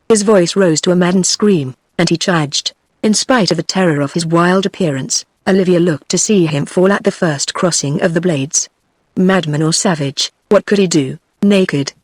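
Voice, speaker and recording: A text-to-speech voice of a woman with a British English accent, reading an audiobook in a steady, even delivery. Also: fairly low pitch, dry recording, clean studio sound. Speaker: audiobook narrator. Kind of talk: synthetic audiobook narration.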